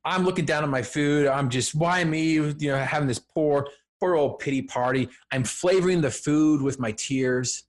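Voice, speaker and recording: A man's voice: on the high side, moderate pace, few pauses. Earnest man telling a personal story. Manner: earnest and emphatic, builds to declarations. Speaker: podcast guest. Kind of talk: personal story told in conversation.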